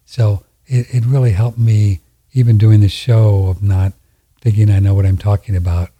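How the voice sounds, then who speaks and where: A man's voice: lowish voice, little pitch movement, normal speed, mellow, breathy edge. A man hosting a radio show, talking in a folksy, rambling way and often repeating himself. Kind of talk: casual conversation.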